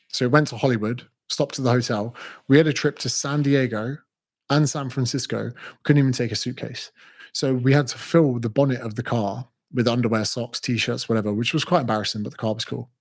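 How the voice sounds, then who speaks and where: A man's voice: mid-range voice, fairly even intonation, brisk, a little mellow. A man who gives blunt, sweary business advice and tells stories along the way. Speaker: fitness business coach. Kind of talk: direct-to-camera business advice.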